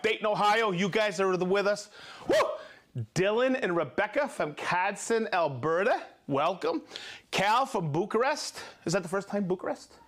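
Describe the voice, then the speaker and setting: He hosts a live show in a high, slightly bright voice, listing off viewers and their hometowns. Jokes come easily, hard place names trip him up, and brief asides pop up throughout.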